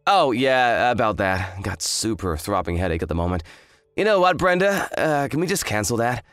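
A man's voice: medium pitch, sing-song, moderate pace, a bit bright, dry recording. A man voicing an arrogant, hungover young fiancé who talks in a smug, dismissive drawl. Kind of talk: dramatized story voice acting.

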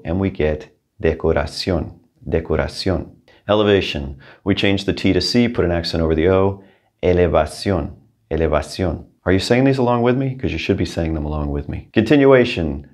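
Low-voiced man teaching Spanish. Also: a little mellow. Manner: patient, clear, repeats each word twice. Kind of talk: scripted language lesson.

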